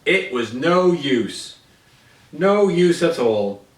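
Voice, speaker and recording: A man's voice: on the high side, sing-song, very slow. Man reading a children's story aloud, stumbling and correcting himself, heard from a distance in an echoey room. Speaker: reader. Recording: echoey room, voice away from mic.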